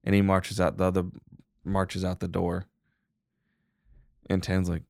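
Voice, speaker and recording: Man, game master, low voice, gravelly, dry close sound, relaxed joking narration. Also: measured pace, long pauses, no room sound.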